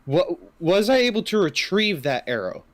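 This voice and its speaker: A man playing in a tabletop game, asking rules questions and quick to object. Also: high voice, sing-song, no room sound. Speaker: player. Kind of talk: casual tabletop game chat.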